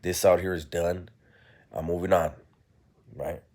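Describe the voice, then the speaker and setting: A man's voice: low voice, fairly even intonation, unhurried, a little mellow. A man candidly telling his own story in a blunt, reflective way, often checking in with "right?" and "you know.".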